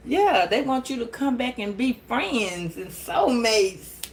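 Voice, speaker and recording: Profane animated tarot reader, woman. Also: fairly high pitch, takes it slowly, a little hiss or hum. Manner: blunt, profane, animated, laughs often. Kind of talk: casual tarot reading.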